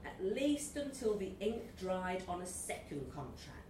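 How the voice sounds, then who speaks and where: A woman's voice: on the low side, sing-song, a little slow, a little mellow, a little hiss or hum. Wry, laughing woman telling a comic story. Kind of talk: comic story reading to a live audience. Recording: echoey room from a distance.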